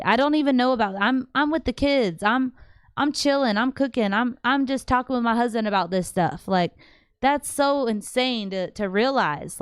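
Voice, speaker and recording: Brief: woman host, smooth clear voice, dry close sound, animated and slangy. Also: fairly high pitch, dry recording. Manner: chatty, animated, slangy, trails off and restarts. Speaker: livestream host answering viewer questions. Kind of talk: casual live chat. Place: home.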